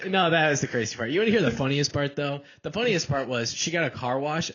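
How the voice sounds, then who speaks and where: A man's voice: on the high side, lively intonation, quick pace, highs cut off, heavy background noise. A young man on a podcast, telling a long embarrassing story in a rambling, self-deprecating way. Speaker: podcast co-host. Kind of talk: casual chat, telling a story.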